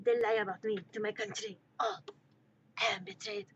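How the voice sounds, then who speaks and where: A woman's voice: medium pitch, fairly even intonation, normal speed, muffled recording, slight background noise, close to an everyday voice. A woman voicing an indignant, melodramatic French Canadian man in a put-on French accent, theatrical and protesting. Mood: wailing.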